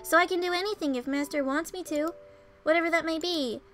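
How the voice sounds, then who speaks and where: A woman's voice: extremely high pitch, fairly quick, fairly bright tone, voice pushed up. A woman voicing a sweet, devoted young man servant who eagerly stammers. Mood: pleading. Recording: game music behind.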